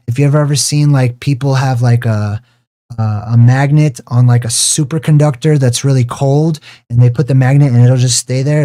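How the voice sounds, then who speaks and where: A man's voice: mid-range voice, dark tone. A man hosting his own video, lecturing in a rambling way, drifting into tangents and stretching out key words for emphasis. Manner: drawn-out emphasis on single words. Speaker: video host. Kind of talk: rambling screen-share lecture.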